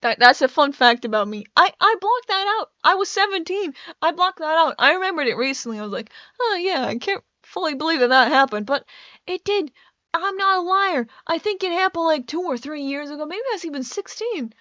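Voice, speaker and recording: A woman's voice: very high voice, animated, brisk, sharp tone, no room sound, lo-fi sound. A young woman, a native Dutch speaker, rambling casually over gameplay, often stumbling and restarting her sentences. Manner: rambling, self-interrupting, frequent stammered restarts. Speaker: gaming YouTuber. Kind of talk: casual rambling commentary while playing.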